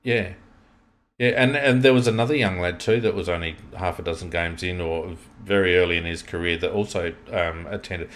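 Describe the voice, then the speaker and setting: Deep-voiced Australian man, opinionated. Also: normal speed, fairly bright tone. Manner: opinionated, rambling with restarts. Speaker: podcast co-host. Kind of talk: casual football chat.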